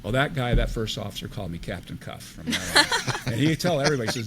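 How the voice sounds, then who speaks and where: A man's voice: mid-range voice, fast, very noisy. An older man, a retired airline captain, telling stories in a casual podcast interview and acting out the dialogue. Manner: animated anecdote teller, acts out quoted dialogue.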